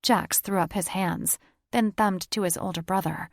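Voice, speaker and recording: A woman reading a paranormal romance audiobook as narrator in steady storytelling. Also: medium pitch, normal speed, creaky, dry recording, studio quality. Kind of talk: scripted narration.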